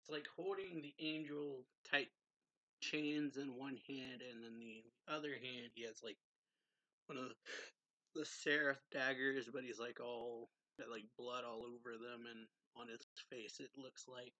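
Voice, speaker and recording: A man's voice: medium pitch, steady tone, measured pace, sharp tone, no echo, low-quality recording. A young man and regular show host giving a casual, rambling manga chapter recap, filling his sentences with "like.". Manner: rambling, heavy use of "like". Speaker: manga reviewer.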